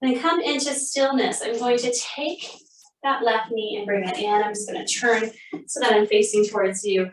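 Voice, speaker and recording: A woman teaching a guided yoga class, cueing poses calmly and steadily, a little out of breath at times. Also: a little high, normal speed. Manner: calm, steady cueing, breathing between phrases. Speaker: yoga instructor. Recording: roomy sound, mic at a distance.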